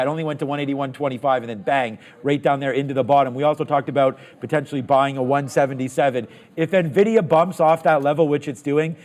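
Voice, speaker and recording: A man hosting a live trading show, calling trades and thinking aloud with quick excitement. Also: mid-range voice.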